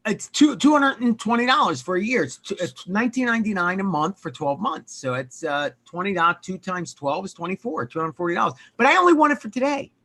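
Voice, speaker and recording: A man with a very high, bright voice that swings widely, hosting a casual live chat. He talks loudly and playfully, with frequent cries of mock protest. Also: animated, a little fast, few pauses. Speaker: show host.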